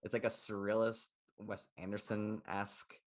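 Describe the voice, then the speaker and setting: A man's voice: fairly low pitch, level tone, moderate pace. A young man co-hosting a casual film podcast, rambling with lots of "like" fillers. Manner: rambling, heavy use of "like" fillers. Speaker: podcast co-host.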